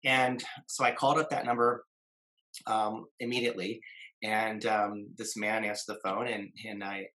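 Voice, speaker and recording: A man's voice: on the low side, flat delivery, moderate pace, pushed and bright, rough recording. A man in his fifties, a guest in conversation, telling a long story with many fillers and restarts and acting out the voices of people he quotes.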